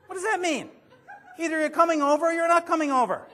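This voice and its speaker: A man's voice: extremely high pitch, fast, pushed and bright. A man giving a motivational seminar to a live audience, joking and quizzing the listeners as he goes. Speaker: motivational speaker.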